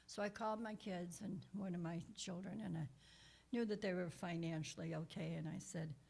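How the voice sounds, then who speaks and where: An older woman, a guest minister, telling a personal story in a conversational sermon, with soft asides and frequent restarts. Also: on the low side, fairly even intonation, normal speed, vocal fry. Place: church.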